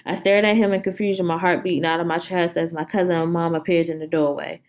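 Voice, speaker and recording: Low-voiced woman reading a horror story. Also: little pitch movement, fast, darkish tone. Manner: informal, stumbles and swears while reading.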